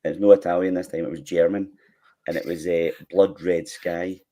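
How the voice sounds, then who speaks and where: A man's voice: low voice, little pitch movement, moderate pace, warm tone. A Scottish man co-hosting a podcast, rambling enthusiastically with lots of fillers. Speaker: podcast co-host. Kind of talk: casual chat.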